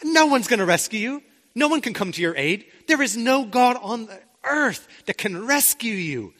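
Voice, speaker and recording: A man's voice: very high-pitched, big pitch swings, normal speed, a bit bright, long reverb tail, pitched above the performer's own voice, exaggerated voice. A man acting out a proud ancient king who boasts and then pleads, speaking emphatically in a raised voice. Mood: boastful.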